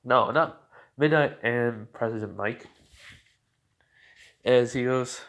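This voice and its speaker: A man's voice: mid-range voice, takes it slowly, long pauses, fairly bright tone. A man casually telling a fan story aloud, rambling with lots of fillers. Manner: rambling, many fillers and restarts.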